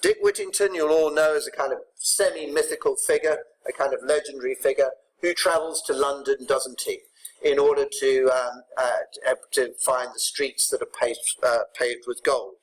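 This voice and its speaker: A man teaching English poetry to his students, explaining the poems briskly and checking in with tag questions. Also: mid-range voice, steady tone, low-quality recording. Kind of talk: recorded poetry lesson.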